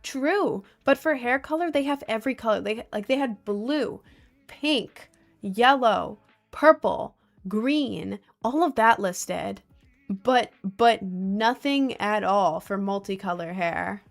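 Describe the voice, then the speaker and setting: A young woman from the States streams live, tossing out sarcastic jokes as she answers chat. She laughs a lot and keeps it loose and casual, her voice sitting in a middle pitch. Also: slow pace, gravelly, soft background music. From United States. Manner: joking, sarcastic, laughs often.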